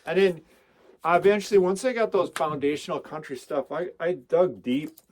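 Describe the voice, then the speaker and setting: With a fairly high voice at a normal pace, and a little hiss or hum in the audio, a man excitedly shows off his records. The record collector vlogger keeps it casual, drifting from record to record and reading song titles aloud.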